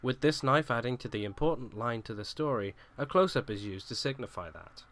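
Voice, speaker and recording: A man reading a scripted video essay on film technique, formal and even. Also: mid-range voice, a little fast, slight background noise. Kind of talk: read-out video essay narration.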